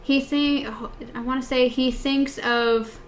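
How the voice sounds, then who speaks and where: A woman's voice: high voice, fairly even intonation, takes it slowly, slight background noise. A woman co-hosting a book podcast in casual chat, hesitant with many fillers as she compares text versions. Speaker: podcast co-host.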